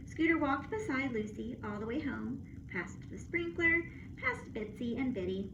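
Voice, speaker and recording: A woman teacher reading a storybook aloud to children on camera, expressive and playful with asides and sound effects. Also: on the high side, normal speed, few pauses. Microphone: phone or camera. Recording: muffled with steady background noise.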